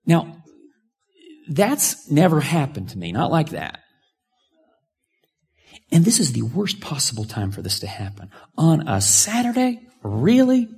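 Gravelly-voiced pastor telling a story. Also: male voice, medium pitch, a little slow, long pauses. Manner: storytelling, animated swings from hushed to loud. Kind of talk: sermon.

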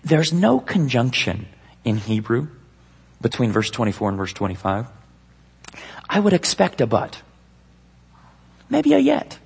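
A man preaching a sermon to a live congregation, with an emphatic, slow, dramatic delivery. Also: mid-range voice, big pitch swings, creaky, breathy edge.

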